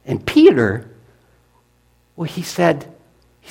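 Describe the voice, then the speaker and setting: Gravelly, animated man telling a story. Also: medium pitch, slow pace, pauses often. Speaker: pastor. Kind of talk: storytelling sermon.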